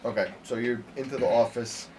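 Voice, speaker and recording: A man's voice: medium pitch, fairly even intonation, a little fast, background noise. A man narrating as game master in loose, chatty talk full of fillers.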